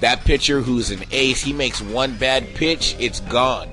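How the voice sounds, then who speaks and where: A man's voice: mid-range voice, a little slow, music in the background. Easygoing man in casual sports chat. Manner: easygoing, loose slang.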